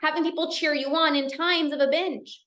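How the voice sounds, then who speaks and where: A woman coach talking casually in a live session, energetic and chatty with many restarts. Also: high-pitched, normal speed, roomy sound. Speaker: binge eating coach hosting a live session. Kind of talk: casual live-stream talk.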